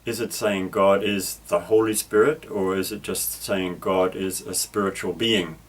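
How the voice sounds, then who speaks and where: Lesson narration: lower-pitched male teacher, patient, methodical, unhurried explanations. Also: steady tone, low-quality recording. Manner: patient, careful, with small restarts. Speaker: Greek teacher.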